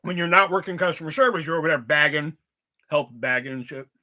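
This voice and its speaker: A young man hosting a livestream, telling casual stories in an animated, profane way and acting out quotes. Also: on the high side, quick pace. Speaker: livestream host. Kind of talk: casual storytelling chat.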